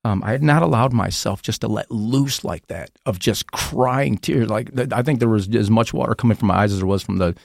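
Deep gravelly man telling his story. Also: no room sound, clean studio sound. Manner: halting, repeats words, emotional. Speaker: podcast guest. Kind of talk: candid personal storytelling.

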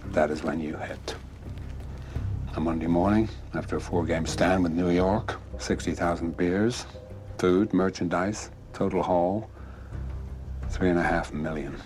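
Low, measured crime boss. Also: male voice, fairly even intonation, darkish tone, soft background music. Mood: menacing. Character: calm male crime boss laying out a heist. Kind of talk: film dialogue.

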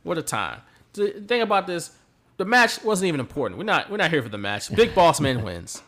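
A man's voice: a little high, very animated, brisk, pushed and bright. A man hosting a podcast who tells stories animatedly and laughs often. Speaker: podcast host. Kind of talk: casual chat recapping wrestling.

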